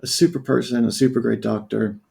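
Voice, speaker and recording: A gravelly, dark-voiced American man in his fifties talks as a podcast guest, telling his personal story candidly and reflectively. He often breaks off and restarts sentences, speaking a little fast in a mid-range voice with a steady tone.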